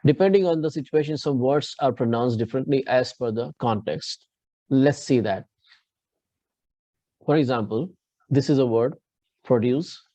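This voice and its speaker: A man's voice: mid-range voice, dark tone, dry recording. A man with an Indian English accent teaching pronunciation in a live online class, explaining step by step and checking in with his students. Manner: explains slowly with frequent restarts, checks understanding with students.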